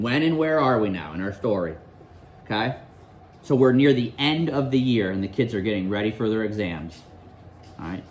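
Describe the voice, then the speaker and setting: A man's voice: mid-range voice, slight background noise. A male teacher reading a novel aloud to his class, quizzing students and explaining the story in a classroom.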